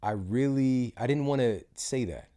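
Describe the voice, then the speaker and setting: A male podcast host talking casually, halting and repeating words as he reflects. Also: mid-range voice, mellow. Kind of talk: casual conversation.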